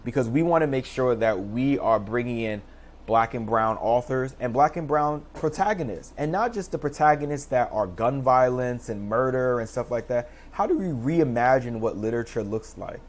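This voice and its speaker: A man in his thirties, a teacher and interview guest, telling his story in lively casual speech and acting out the people he quotes, heard over a video call. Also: moderate pace. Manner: animated, acts out quoted voices with pitch jumps.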